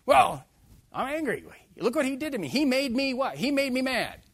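A man's voice: sing-song, moderate pace, a bit bright, breathy edge, dry recording, exaggerated voice. A man mimicking a whiny adult who blames others for making him angry. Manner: high, complaining, self-pitying.

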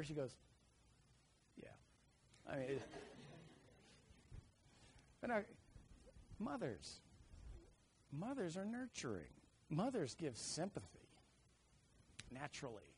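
Man preaching an animated sermon. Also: on the high side, unhurried, pauses often, slight background noise. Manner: animated storyteller, acts out kids' shouts.

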